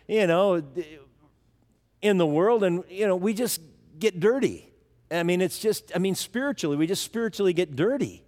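A man's voice: a little high, darkish tone, long reverb tail. A man preaching a sermon, teaching through a Bible passage in a conversational way and acting out the quoted lines. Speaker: pastor.

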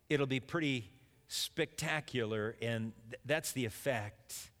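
A man's voice: mid-range voice, slow, a bit bright. Preaching man in a reverberant hall. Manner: conversational preaching, acting out imagined voices. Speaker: pastor. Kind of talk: sermon.

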